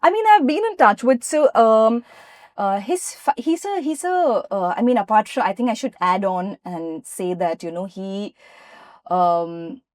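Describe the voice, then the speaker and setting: A woman from India, an actress being interviewed, who tells lively anecdotes and acts out what people said. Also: medium pitch, measured pace, no echo, clean studio sound. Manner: lively anecdotes, often acting out quoted dialogue. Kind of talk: interview storytelling.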